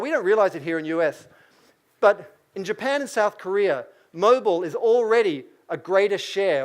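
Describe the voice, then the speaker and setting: A middle-aged Australian man giving a business keynote lecture, lively, asking the audience questions. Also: high-pitched. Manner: lively, asks the audience questions, acts out quotes. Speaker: keynote speaker.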